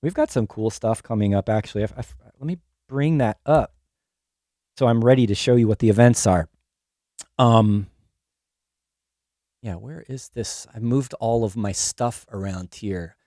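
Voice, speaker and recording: A man's voice: lowish voice, unhurried, pauses often, dark tone, dry recording. A man hosting a casual livestream from a music studio, greeting viewers and chatting loosely. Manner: chatty, reads out chat names. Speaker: livestream host. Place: music studio in New York. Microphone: headphones on, studio mic. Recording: music playing behind the voice. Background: electronic music.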